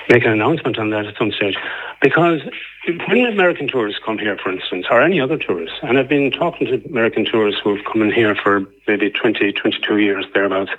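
An Irish man calling in to a radio phone-in and arguing his point earnestly at length, with many pauses and fillers. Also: fairly low pitch. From Ireland. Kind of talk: call-in debate. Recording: tinny phone line.

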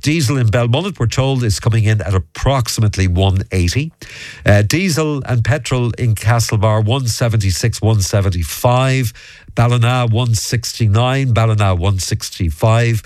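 A man's voice: mid-range voice, normal speed, a little mellow, no room sound. A man hosting a local radio show, chatting easily and reading out listener texts. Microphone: studio mic.

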